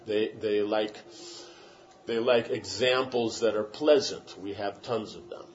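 A man's voice: on the low side, fairly even intonation, unhurried, lo-fi sound, a little hiss or hum. Man giving a rambling emphatic lecture. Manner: rambling, emphatic, with many restarts. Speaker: spiritual teacher. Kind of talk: lecture answering questions.

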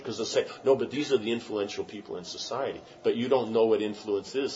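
A man's voice: medium pitch, lo-fi sound, a little hiss or hum. A man teaching a class and answering questions, talking in an emphatic, rambling way with many restarts. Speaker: spiritual teacher.

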